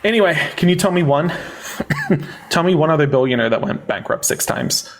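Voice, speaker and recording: A man in his forties hosting a heated live debate, mocking and condescending, who keeps telling his guests to calm down. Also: on the high side, moderate pace. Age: 40s.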